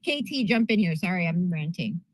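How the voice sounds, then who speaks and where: A woman co-hosting a political talk podcast, ranting quickly and repeatedly asking "right?". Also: fairly low pitch, lively intonation, no room sound, poor audio. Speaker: podcast co-host.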